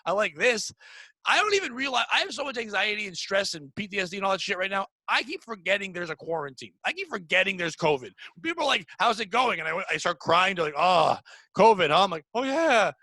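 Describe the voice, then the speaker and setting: A middle-aged man talks in a high, bright voice, recorded dry and close. He hosts a podcast and vents in a blunt, profane, rapid rush. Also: sing-song, dry recording, low-quality recording. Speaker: podcast host. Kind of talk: casual chat. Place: home room.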